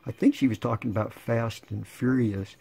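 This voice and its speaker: A man in his sixties, rambling and sarcastic in a casual monologue, slightly hoarse. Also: mid-range voice, steady tone, normal speed, mellow. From United States. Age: 60s. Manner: sarcastic, rambling, laughing between lines. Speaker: channel host.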